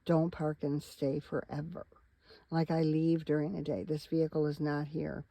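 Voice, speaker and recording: A middle-aged woman talks from inside her van at night, tired and yawning as she rambles straight to her viewers. Her voice is mellow and gravelly, and the sound is close and dry. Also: deep voice, flat delivery, normal speed, dry recording, rough recording. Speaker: van life vlogger. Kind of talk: casual rambling vlog chat.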